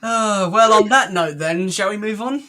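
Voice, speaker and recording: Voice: mid-range voice, normal speed, bright, forceful tone. A co-host in a casual cartoon review chat, hesitant and often searching for words. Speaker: podcast co-host.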